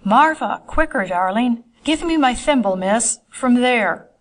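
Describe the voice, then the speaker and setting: An excited young noblewoman, given voice by a woman reading aloud in an audiobook. She pushes her lines out higher and louder than the narration, breathless and insistent. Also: measured pace. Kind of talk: audiobook character voice.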